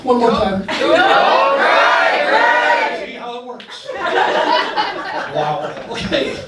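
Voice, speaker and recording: A man in his sixties gives a wedding toast as the father of the bride, cracking jokes and choking up along the way. His voice sits high for a man. It is picked up from a distance in a very echoey reception hall with noise behind him. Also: lively intonation, extremely slow, a loud crowd. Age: 60s. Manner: joking, emotional, chokes up. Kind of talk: wedding speech.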